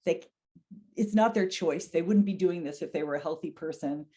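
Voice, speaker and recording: A woman's voice: on the low side, normal speed, dark tone. Earnest woman teaching dementia care. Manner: earnest, acts out quoted phrases in a raised voice. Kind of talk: educational webinar talk.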